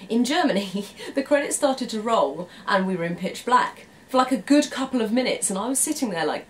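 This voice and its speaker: A woman's voice: a little high, animated, a little fast, a little hiss or hum. A young English woman vlogging, telling stories casually to camera, laughing often and acting out her own reactions. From England. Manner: chatty, laughs often, acts out quoted reactions.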